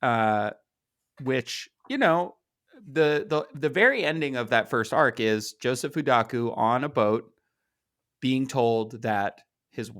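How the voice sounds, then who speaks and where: A man co-hosting a casual comic podcast, walking through the story in a chatty, halting way with frequent restarts. He speaks at a middling pitch for a man. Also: expressive, fairly bright tone. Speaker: podcast co-host. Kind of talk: casual comic book discussion.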